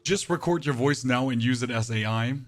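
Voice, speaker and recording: Reading chat messages aloud and tossing in sarcastic asides, a male game streamer banters casually at a normal speed. For now his voice sounds deeper and rougher than it usually does.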